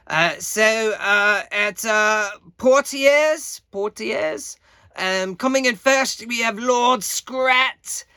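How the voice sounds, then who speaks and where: Male vlogger, casual update, slow and halting, bright tone. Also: high-pitched, smooth, no echo, clean studio sound. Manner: halting, many fillers, unhurried. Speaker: air guitarist giving competition updates.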